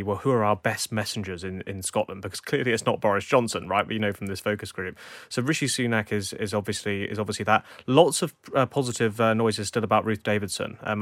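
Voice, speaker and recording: A male analyst talks through political findings at a rapid clip, leaning on small fillers as he goes. His voice sits low, and the recording is dry with no room sound. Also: no room sound. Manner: fast, articulate analysis with fillers. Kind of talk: studio news discussion.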